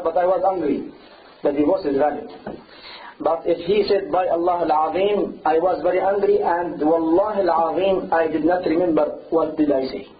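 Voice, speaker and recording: A man giving a humorous, animated sermon in English, acting out what others say. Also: fairly high pitch. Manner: humorous, animated, acts out quotes. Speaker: Islamic preacher. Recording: tinny phone-like audio.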